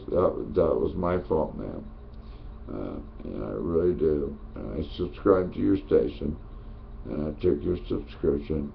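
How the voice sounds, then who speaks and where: A man delivering a profane, preachy political rant, dropping to a mutter and then rising to a shout. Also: very deep voice, lively intonation, unhurried, vocal fry. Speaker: online ranter. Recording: dull lo-fi sound with faint noise.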